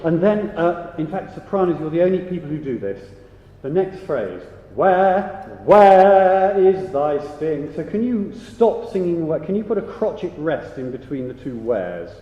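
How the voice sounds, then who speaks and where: A man directing a choir rehearsal, briskly giving notes, counting the singers in and singing example phrases. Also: on the high side, very animated. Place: large rehearsal hall. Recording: echoey hall, dull lo-fi sound.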